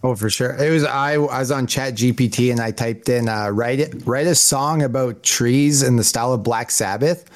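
A man's voice: medium pitch, moderate pace, hardly any pauses. A man co-hosting a gaming podcast in casual chat, laid-back, laughing easily and chiming in with short replies. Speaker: podcast co-host.

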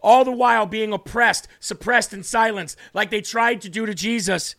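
A man hosting a livestream Bible teaching, reading scripture slowly and speaking earnestly with emphasis. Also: high voice, gravelly, fairly bright tone. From northern United States. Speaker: host and preacher.

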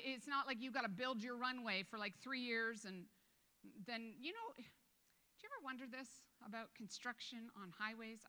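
A woman pastor preaching a sermon in a church, conversational, quoting scripture and breaking into quick asides. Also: fairly high pitch, sharp tone. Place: church sanctuary with a balcony. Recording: long hall reverb.

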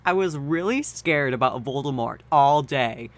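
A man co-hosting a comedy podcast, reading a story aloud deadpan and breaking off for joking asides. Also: medium pitch, unhurried, very noisy. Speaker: podcast co-host and reader.

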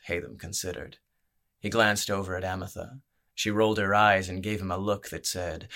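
A male narrator reads a gritty fantasy tale in a measured, even way. His voice sits on the low side, and he keeps a steady storytelling pace. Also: creaky. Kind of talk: scripted audiobook narration.

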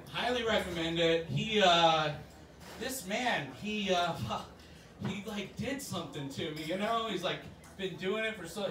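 A high-voiced man doing a self-deprecating stand-up set, animated and quick to jump into loud character voices. He sounds distant in an echoey club. Roaring crowd laughter fills the room behind him. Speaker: stand-up comedian. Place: comedy club stage before a laughing audience.

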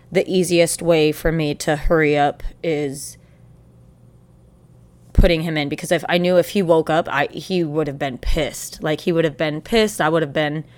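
A young woman with a lowish voice recounts a painful personal story. She speaks haltingly and emotionally, with many restarts, and sounds close to tears at times.

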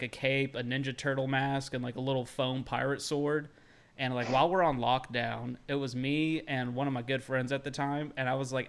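A young man chatting casually on a podcast, telling a rambling story full of "like" fillers. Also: mid-range voice. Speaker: podcast co-host. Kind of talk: casual chat.

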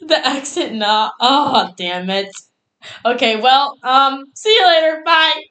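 A woman's voice: high voice, slow, pushed and bright. A young woman co-hosting a podcast in casual chat. She is giggly and chatty, with lots of 'like' and swearing. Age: young adult. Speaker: podcast co-host. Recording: echoey room.

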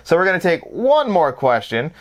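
A man's voice: on the high side, sing-song, moderate pace. A man co-hosting a casual film chat, blunt and joking, swearing freely. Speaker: podcast co-host.

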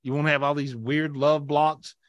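A middle-aged man hosting a live video call as a spiritual healer. He leads slow, soft guided prayers, then shifts into animated chat. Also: fairly high pitch, dry recording.

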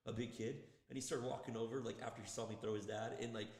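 Blunt, foul-mouthed podcast co-host, man, rapid-fire delivery, reverberant room. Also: mid-range voice. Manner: blunt, swears constantly, animated storytelling. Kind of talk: casual profane chat. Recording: echoey room with long reverb.

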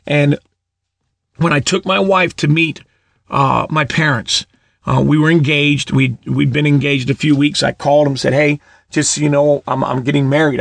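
With a slightly high voice and vocal fry, a middle-aged man preaches through relaxed, warm anecdotes, frequently repeating words and chuckling at his own tales. The recording has no echo.

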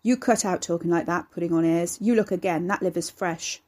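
A woman voicing a gruff, sneering older man who rumbles low and threatening. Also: fairly quick, darkish tone, lightly acted. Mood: menacing.

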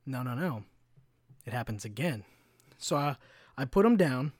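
A man's voice: medium pitch, animated, a little slow, no echo, studio quality. A young man hosting a podcast, telling a story in a profane, exasperated rant and acting out the other people's lines. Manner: profane, exasperated ranting with acted-out quotes. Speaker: podcast host. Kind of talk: casual storytelling monologue. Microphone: podcast mic, no camera.

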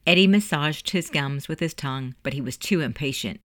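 An audiobook narrator with a middle pitch reads in a measured storytelling way. The sound is dry and close, with no room echo. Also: fairly bright tone. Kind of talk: scripted narration.

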